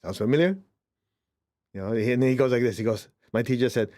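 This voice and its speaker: Chatty man giving a spiritual talk. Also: a little fast. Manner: conversational, checks in with listeners often; lively, swings up in pitch for emphasis. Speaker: spiritual teacher.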